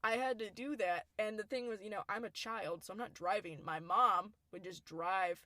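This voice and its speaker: A woman's voice: medium pitch, moderate pace, sharp tone, no echo. A young woman, co-hosting a podcast, telling a story in a chatty way and laughing often. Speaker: podcast co-host. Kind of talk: casual storytelling chat.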